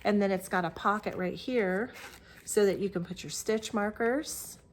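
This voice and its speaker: A woman's voice: medium pitch, moderate pace, slight background noise. A middle-aged woman chats through a casual show-and-tell crafting vlog. She rambles, restarts her sentences and fills gaps with "um". It sounds like a camera mic in her crafting room at home. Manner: chatty, rambling, with many fillers and restarts. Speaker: Flosstube host.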